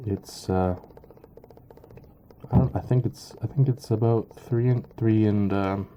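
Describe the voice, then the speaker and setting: A man giving a casual product review, halting and full of ums and uhs. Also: fairly low pitch, fairly even intonation, dark tone, highs cut off, a little hiss or hum. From Canada. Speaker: knife reviewer.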